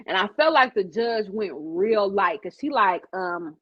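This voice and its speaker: A woman's voice: mid-range voice, lively intonation, a little slow, hardly any pauses, lo-fi sound. A woman hosting a casual live-stream commentary show, blunt and profane, acting out the quotes she tells.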